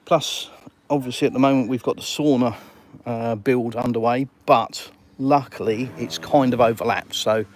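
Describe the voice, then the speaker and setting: A man's voice: mid-range voice, steady tone, normal speed. A middle-aged English man with an English accent, chatting casually on a live stream from his house and answering viewers' comments. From England. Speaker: livestream host. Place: at home in a house. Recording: clear background noise with clicks.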